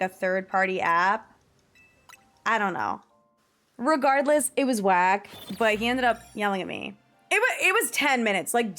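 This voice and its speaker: A woman's voice: mid-range voice, fairly bright tone. A young woman streaming, chatting casually and rambling through a story with lots of fillers and giggles. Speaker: livestreamer. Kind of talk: casual livestream chat with viewers.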